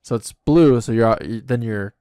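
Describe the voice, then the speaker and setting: Male co-host, mid-pitched, playful and riffing, dead-dry close sound. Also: normal speed, mellow, clean tone, no echo. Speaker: podcast co-host. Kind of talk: casual comedic chat.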